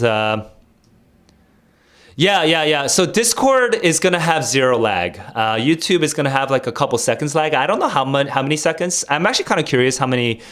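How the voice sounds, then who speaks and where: A man's voice: medium pitch, a bit bright. Rambling young man quizzing his chat. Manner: rambling, many fillers and restarts, quizzes chat. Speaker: streamer and test tutor. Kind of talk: casual livestream chat and vocabulary quiz.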